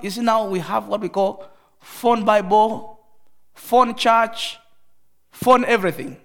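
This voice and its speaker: A man with a high voice preaches a fervent sermon. He moves between loud rebukes and quiet storytelling. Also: fairly even intonation, slow pace, vocal fry. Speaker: pastor.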